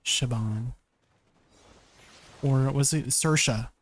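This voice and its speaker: A man's voice: medium pitch, normal speed. A man from Canada's West Coast streaming a game, chatting casually with friends, teasing and laughing often. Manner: giggly, teasing. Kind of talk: casual gaming chat.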